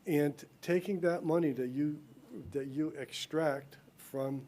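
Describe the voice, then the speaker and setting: A man with a slight lisp speaks at a town council podium in a soft, mellow tone. His delivery is earnest and explanatory, and he often restarts his phrases. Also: fairly high pitch, steady tone, slow. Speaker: resident giving public comment. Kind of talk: public comment at a town council meeting. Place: town council meeting room.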